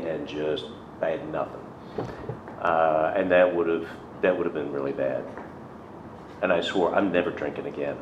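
A middle-aged man telling a personal story in a conversational, self-deprecating way, acting out the people he quotes. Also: sits low. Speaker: recovery speaker sharing his story. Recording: roomy, dull lo-fi recording with faint noise.

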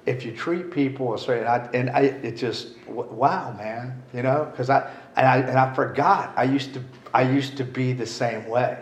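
Speaking a little slowly and hardly pausing, a middle-aged man with a mid-range voice and fairly even intonation rambles candidly through his recovery share, swearing casually. The audio sounds roomy and dull, with a faint hiss.

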